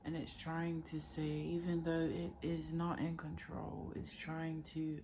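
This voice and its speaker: A woman speaking in a heartfelt, unscripted monologue, emotional and halting as she searches for words about her inner journey. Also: low-pitched, completely flat delivery, mellow, a little hiss or hum. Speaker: spiritual vlogger.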